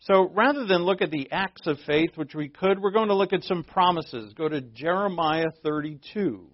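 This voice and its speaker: A man's voice: a little high, normal speed, no room sound. Conversational male pastor, muffled recording. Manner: conversational, self-deprecating, with frequent fillers. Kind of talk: expository sermon.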